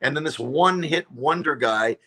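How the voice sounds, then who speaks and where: A man, a comedian and radio show regular, telling stories as a guest in a casual interview, animated and full of fillers and restarts. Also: a little high, moderate pace, gravelly, slightly rough.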